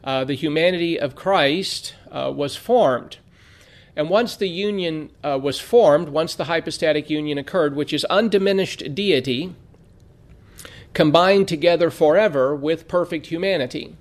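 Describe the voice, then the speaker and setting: A man teaching a theology lesson in a measured way, reading scripture aloud with frequent "uh" fillers. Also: a little high. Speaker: Bible teacher. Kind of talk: theology lecture.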